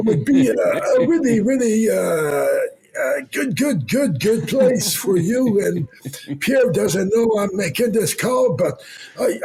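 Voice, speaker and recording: A man putting on the voice of an excited, chummy man who phones with a friendly tip, speaking high and eager and laughing as he talks. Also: creaky, husky, heavily acted, poor audio.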